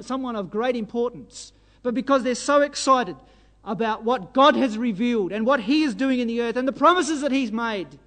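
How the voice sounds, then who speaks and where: A man's voice: extremely high pitch, a bit bright. A man preaching a sermon, exhorting his listeners fervently and pressing them with rhetorical questions. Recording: long reverb of a hall.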